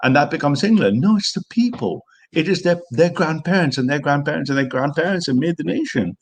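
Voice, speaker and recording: A man hosts a reaction stream in a fairly high voice. He rants with blunt sarcasm and heavy swearing. His talk swings between mocking and heated. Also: animated, brisk, breathy edge. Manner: ranting, sarcastic, profane. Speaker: stream host reacting to a clip. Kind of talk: angry reaction commentary.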